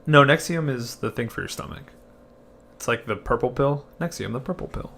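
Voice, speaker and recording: A young man co-hosting a podcast in casual chat, chatty and excitable and swearing casually. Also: medium pitch, normal speed, creaky. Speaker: podcast co-host.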